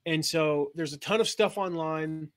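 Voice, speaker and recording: A man's voice: on the high side, unhurried, fairly bright tone. A man hosting a casual webinar, rambling with lots of fillers and laughing at himself. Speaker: host.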